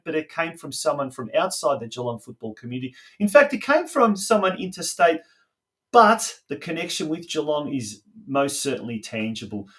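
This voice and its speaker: A middle-aged man hosting a soccer podcast, rambling and halting, with lots of fillers and restarts. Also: on the high side. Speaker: podcast host.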